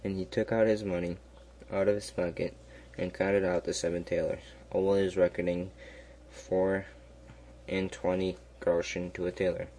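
A man reading a fairy tale aloud in a slow, even way, with small slips and restarts. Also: deep voice, a little hiss or hum. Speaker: storyteller.

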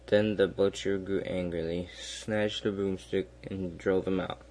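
Deep, slow male storyteller. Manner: slow, even reading with small slips and restarts. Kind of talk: fairy tale read aloud.

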